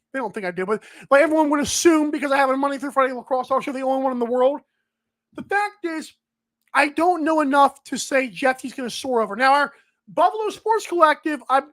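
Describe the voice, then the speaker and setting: High-voiced woman hosting a betting podcast. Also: fairly bright tone. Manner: rambling, talks straight to players. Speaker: sports betting podcast host. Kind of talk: casual sports betting talk.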